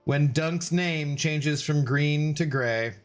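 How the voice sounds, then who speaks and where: A man's voice: on the high side, slow, faint music behind. A man live-streaming from home, chatting casually with his viewers, greeting them by name and joking around. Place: home room.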